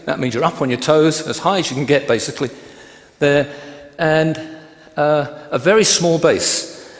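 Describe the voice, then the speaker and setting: A man's voice: fairly high pitch, moderate pace. A man teaching a dance class, counting beats aloud and explaining steps plainly. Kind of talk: dance lecture. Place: large hall. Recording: echoey hall, long reverb, music behind.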